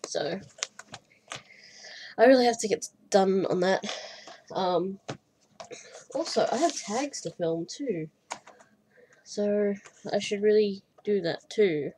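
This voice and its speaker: A young woman vlogging about her cross-stitch hobby, breathy and often short of breath, rambling casually with fillers and self-deprecating asides. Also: mid-range voice, slow pace, pauses often, mellow, slight background noise. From Australia. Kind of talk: casual chat.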